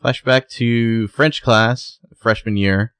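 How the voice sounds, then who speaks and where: A man's voice: medium pitch, steady tone, fairly bright tone, clear, resonant tone, no room sound. A man co-hosting a casual podcast, retelling scenes and quoting characters. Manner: retells scenes with quick quoted voices. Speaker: podcast co-host recapping a TV episode. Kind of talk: casual chat.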